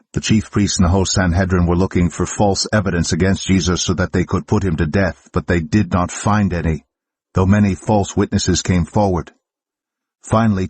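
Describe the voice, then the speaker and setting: A man narrating scripture aloud for a church in a steady, measured way. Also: sits low, slightly rough, dry recording. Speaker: Bible reader. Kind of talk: scripture reading.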